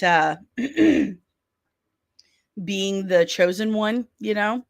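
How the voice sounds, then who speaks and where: A woman's voice: mid-range voice, a bit bright. A woman hosting a casual pop-culture chat stream, reading viewer comments aloud and answering them with candid, playfully sarcastic opinions. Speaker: host of a daily pop-culture chat show.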